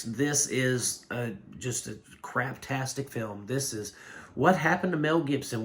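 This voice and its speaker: A man giving a casual spoken film review, blunt and rambling, with animated complaints. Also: mid-range voice. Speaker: movie reviewer.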